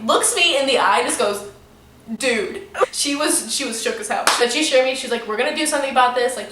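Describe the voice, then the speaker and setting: Young woman chatting a storytime, bright voice, echoey room a bit far from the mic. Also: fairly high pitch. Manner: animated, swears freely, lots of "like". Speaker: vlogger telling a story. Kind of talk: casual storytime. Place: room in front of a window.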